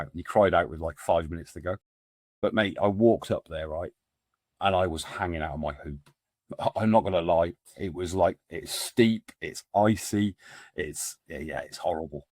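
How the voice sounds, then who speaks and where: Here the same kind of speaker, a middle-aged man who started a men's support group, chats casually on a podcast, wandering through anecdotes with plenty of fillers and restarts. His low voice has a darkish tone and moves at a moderate pace, captured in a dry recording.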